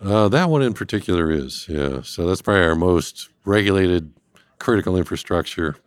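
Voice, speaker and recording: A man speaking as a guest expert, explaining risk step by step in a measured way. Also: deep voice, animated, clear, resonant tone. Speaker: industrial cybersecurity guest expert. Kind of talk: explanatory interview talk.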